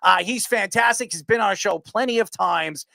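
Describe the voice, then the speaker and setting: A man's voice: sits high, normal speed, vocal fry, sharp tone, no echo, studio quality. A man from New York hosting a sports talk show, rambling with blunt opinions and repeated words.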